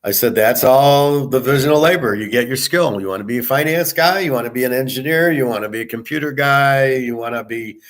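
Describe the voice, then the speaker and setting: A middle-aged man hosting a betting show, ranting bluntly and profanely in a loose monologue that keeps restarting. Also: medium pitch. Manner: profane, blunt, repeats himself. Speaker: sports betting show host.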